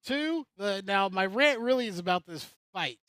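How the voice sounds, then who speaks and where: A man's voice: high-pitched, expressive, moderate pace, pushed and bright, clear, resonant tone, dry recording. Opinionated man ranting about racing. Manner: rambling and opinionated, with filler-heavy restarts. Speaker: co-host commentator.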